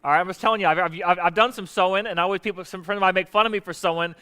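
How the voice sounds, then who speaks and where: A man preaching a sermon as pastor, animated and joking with the congregation in a church sanctuary. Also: sits high, racing, clean tone, in a large hall.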